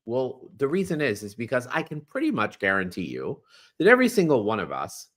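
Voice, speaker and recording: A man hosting a spiritual astrology talk, repeating phrases like a mantra and slowing to a soft pace when he guides the breathing. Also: medium pitch, huge pitch swings. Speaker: astrology host.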